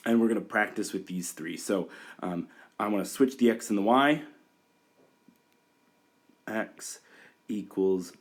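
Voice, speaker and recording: A man's voice: lowish voice, a little slow. A man walking through a whiteboard math tutorial, talking each step aloud with fillers and restarts. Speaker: math teacher.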